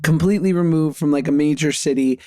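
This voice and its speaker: A man's voice: fairly high pitch, quick pace, a little mellow, no room sound, studio quality. A man in his thirties telling casual anecdotes on a podcast, often laughing through his stories. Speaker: podcast co-host. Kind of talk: casual chat.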